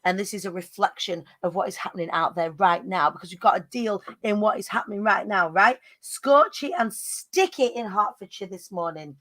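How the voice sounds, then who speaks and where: Husky-voiced woman hosting a stream. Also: medium pitch, normal speed, few pauses, a bit bright, no echo. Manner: chatty, cheeky, greets viewers by name. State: hoarse, husky morning voice. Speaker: host. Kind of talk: upbeat live-stream chat.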